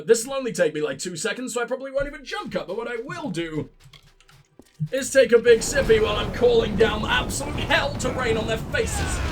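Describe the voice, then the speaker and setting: A man hosting a let's play and commenting on the game in a sarcastic, sweary, excitable way. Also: high voice. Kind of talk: gameplay commentary.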